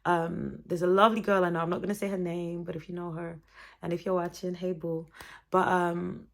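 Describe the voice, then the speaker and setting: A young woman vlogging with a low, gravelly voice full of vocal fry. She chats expressively and gives faith-based encouragement. She speaks directly to her viewers in a casual motivational talk. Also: level tone, a little fast.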